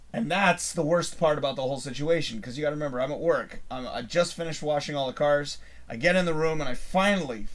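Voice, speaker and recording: A middle-aged man from Canada hosting a live show, telling a long rambling story in a casual, animated way and swearing freely. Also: on the high side.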